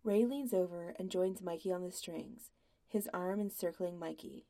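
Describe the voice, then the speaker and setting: A woman reading a fan fiction story aloud in a quiet, even, intimate narration. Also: on the low side, normal speed, gravelly. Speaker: podfic reader.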